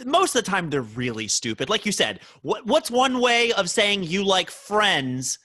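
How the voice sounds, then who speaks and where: Animated, bright-voiced male podcast co-host. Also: high voice, unhurried. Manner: animated storytelling with acted-out quotes. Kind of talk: casual chat.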